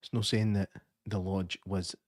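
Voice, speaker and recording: A man's voice: low-pitched, little pitch movement, unhurried, no echo, studio quality. A Scottish man co-hosting a podcast, telling sweary anecdotes in casual chat and laughing hard. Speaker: podcast co-host.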